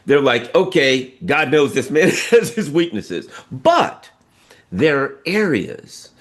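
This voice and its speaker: A man's voice: on the high side, slow pace. A man from the United States, a political commentator talking casually and emphatically, acting out what others say. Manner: animated, emphatic, acts out quoted voices.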